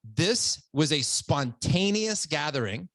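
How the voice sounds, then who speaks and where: A man's voice: on the high side, very animated, slow pace, a bit bright, dry recording. A middle-aged man hosting a podcast, telling stories with enthusiasm in a casual chat. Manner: enthusiastic storytelling, says "dude" a lot. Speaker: podcast host.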